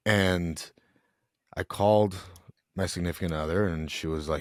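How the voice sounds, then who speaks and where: A young man speaks low and deep, his voice recorded dry with no room sound. He tells an emotional personal story as a podcast guest. His delivery is earnest and halting. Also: steady tone, dry recording. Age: young adult.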